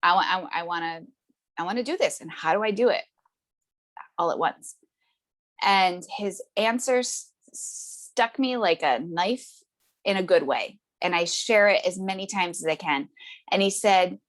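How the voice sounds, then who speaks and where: Speaking at a normal speed in an animated, mid-range voice, this woman is an interview guest and essential oils seller telling a story conversationally. She laughs a lot, leans on fillers and tag questions, and performs the voices of the people she quotes.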